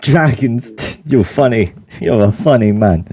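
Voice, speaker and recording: A very old paladin rambles on with a friendly, chuckling warmth, his voice low and mellow, as a man puts him on. He is a tavern regular in a tabletop game, slow and unhurried in his talk. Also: expressive, faint music behind. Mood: jovial.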